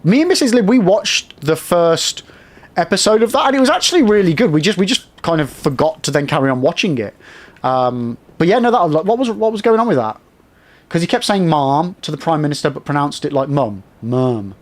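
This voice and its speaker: A game streamer plays live, chatting with viewers and swearing at enemies as he gives commentary. His voice sits high, sing-song, a little fast.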